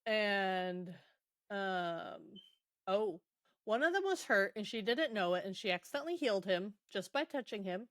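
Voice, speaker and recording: A woman's voice: medium pitch, takes it slowly, no room sound, studio quality. A woman co-hosting a podcast, casually retelling a book's scenes with loose quoted lines, frequent ums and laughs. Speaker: podcast co-host. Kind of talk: casual book recap.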